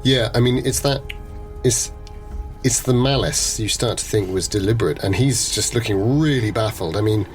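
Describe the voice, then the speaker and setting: A man's voice: on the low side, normal speed, soft background music. A man running a tabletop horror game as game master, narrating in a musing, hesitant way. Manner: musing, hesitant, many restarts.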